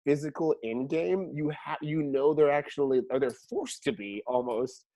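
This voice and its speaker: A young man hosting a podcast, chatting casually and telling stories in an animated way, laughing and swearing freely. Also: a little high, moderate pace. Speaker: podcast host. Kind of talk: casual chat.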